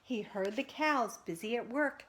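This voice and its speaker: A woman preschool teacher reading picture books aloud to children, animated and sing-song, stopping to talk to the kids between pages. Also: a little high, a little slow.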